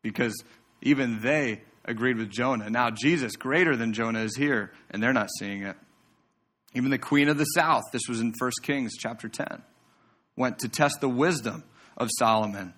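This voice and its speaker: A man's voice: medium pitch, normal speed, a bit bright. A man pastor giving a sermon in church, preaching in a conversational way with asides to the congregation.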